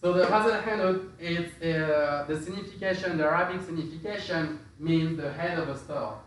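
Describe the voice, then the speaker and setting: Male spice presenter, slightly high, hesitant and filler-heavy; very echoey, distant recording. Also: normal speed, a little hiss or hum. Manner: hesitant, many fillers and restarts. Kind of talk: casual explanatory talk. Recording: very echoey room, distant from mic.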